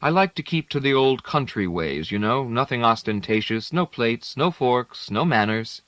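A man's voice: mid-range voice, animated, moderate pace, a bit bright, dry recording, lo-fi sound, lightly acted. A man voicing a plain young man from the mountains who talks with wry, understated humor.

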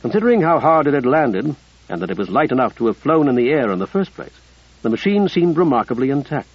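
Husky male audiobook narrator. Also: mid-range voice, big pitch swings, quick pace, no echo, lo-fi sound.

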